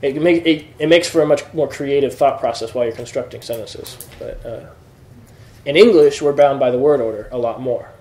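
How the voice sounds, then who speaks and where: A man's voice: mid-range voice, brisk, dark tone. A man teaching a classroom lesson, explaining patiently and checking that students follow. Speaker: Greek teacher. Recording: echoey room.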